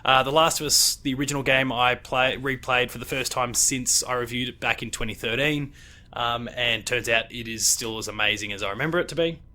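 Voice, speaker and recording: Australian male host, bright forceful voice, meandering casual chat full of ums. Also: mid-range voice, fairly even intonation, a little fast. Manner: rambling, hesitant with many fillers. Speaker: podcast host.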